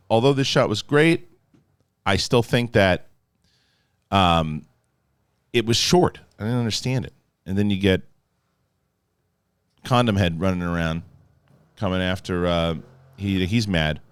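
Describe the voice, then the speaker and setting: Deep-voiced man doing a joking review. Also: no echo, studio quality. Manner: animated, acts out characters in quick put-on voices; loose, profane, joking talk. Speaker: film and TV reviewer. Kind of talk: casual spoiler review to camera.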